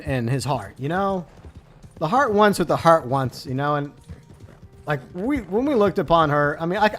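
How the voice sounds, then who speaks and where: A man streaming a game live, joking in a mock-sentimental way and breaking into outraged exclamations. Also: high-pitched. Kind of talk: live gameplay commentary.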